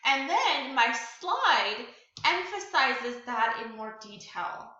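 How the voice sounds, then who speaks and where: Bright-voiced woman teacher in an echoey room. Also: on the high side, sing-song, slow. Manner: explaining step by step, with frequent "you know" and "okay". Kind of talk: recorded class tutorial. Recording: echoey room, dull lo-fi sound.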